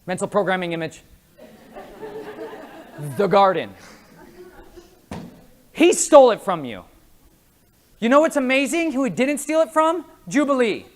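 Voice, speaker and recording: A man preaches to a conference crowd with a lively, swooping pitch, jumping between quiet asides and loud, punchy lines. He tells stories and acts out the people he meets, laughing as he goes. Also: a little slow, pauses often, slight background noise. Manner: animated, acts out voices of people at his table, laughs often. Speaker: conference speaker. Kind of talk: lively sermon with storytelling. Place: conference hall before an audience.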